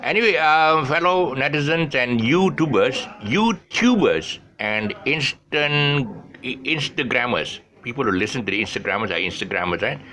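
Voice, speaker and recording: Rambling older man with a bright voice. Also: mid-range voice, lively intonation, normal speed. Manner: rambling with many restarts and self-corrections; chuckles at his own slips. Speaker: online show host. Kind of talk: casual talk to camera. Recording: faint background noise.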